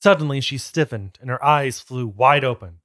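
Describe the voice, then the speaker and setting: A man's voice: mid-range voice, fairly bright tone, no echo, clean studio sound. Sardonic man co-hosting a podcast. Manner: sardonic, quick to laugh. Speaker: podcast co-host. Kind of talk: comedic book reading and banter.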